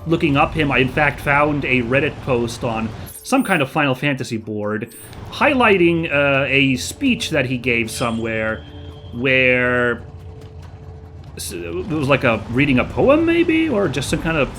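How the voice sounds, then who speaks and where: A man hosting a let's play, chatting casually and reacting out loud to the action as he plays. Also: medium pitch, measured pace, soft background music. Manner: chatty, excitable, reacts aloud to gameplay. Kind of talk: casual gameplay commentary.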